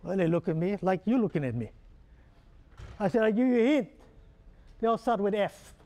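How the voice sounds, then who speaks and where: A man speaking with a Hawaiian Pidgin accent delivers a humorous motivational keynote. His voice sits high for a man. He keeps firing quiz questions at the audience and teasing them in easy call-and-response. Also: animated, normal speed, dark tone.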